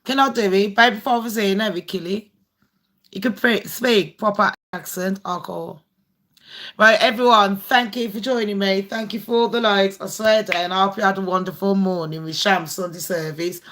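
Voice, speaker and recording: A woman's voice: medium pitch, steady tone, moderate pace, a bit bright. A woman hosting a casual live stream, chatty, swearing freely and laughing often. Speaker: livestream host.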